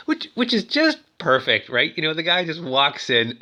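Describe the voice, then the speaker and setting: A man in his fifties rambling excitedly as he retells a movie plot in casual chat. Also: on the high side, normal speed, few pauses. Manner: rambling, excitable, lots of fillers. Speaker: movie toy reviewer.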